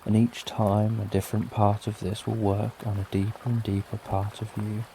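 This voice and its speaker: Gravelly British man telling sleep stories. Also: fairly low pitch, level tone, moderate pace, slight background noise. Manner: gentle, repetitive, lulling. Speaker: sleep story narrator. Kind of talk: slow soothing bedtime storytelling. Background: soft rain.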